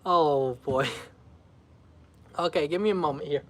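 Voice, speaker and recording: A man's voice: on the high side, measured pace. A man chatting casually on a home livestream, rambling and laughing often as he talks to his viewers. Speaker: homestead vlogger. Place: indoors at home.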